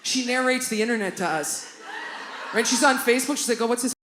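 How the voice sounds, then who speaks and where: A Canadian woman does stand-up on a club stage, animated and brisk, with a fairly high-pitched voice. She breaks into loud outbursts and keeps throwing asides to the crowd, constantly asking "right?" and "you know what I mean?" The live club recording sounds roomy and noisy.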